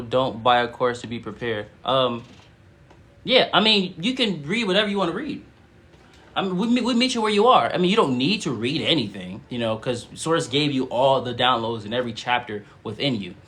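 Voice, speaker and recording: A man with a fairly high voice hosts a spiritual live stream, teaching in a relaxed way and reading chat comments aloud. He's animated and uses lots of fillers, breaking out now and then into sudden loud, emphatic bursts.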